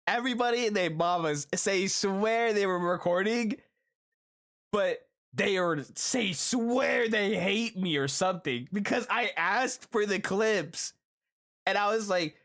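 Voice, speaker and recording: Speaking slowly in a high voice, a live streamer chats casually through his stories, slangy and animated, cursing freely and bursting into laughter.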